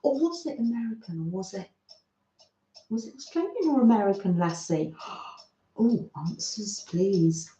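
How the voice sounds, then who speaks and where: A woman's voice: mid-range voice, lively intonation, a little slow, pauses often. Gushing, chatty woman host, roomy sound. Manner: gushing, warm-hearted, reads chat aloud. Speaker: craft livestream host. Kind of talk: chatty livestream talk to viewers. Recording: roomy, slightly dull sound.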